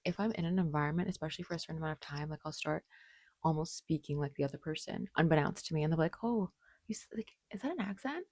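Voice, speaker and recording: A woman's voice: sits low, a little mellow, no echo. A woman in her late twenties talking casually to camera in a rambling, bubbly way with lots of fillers. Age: late 20s. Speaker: vlogger.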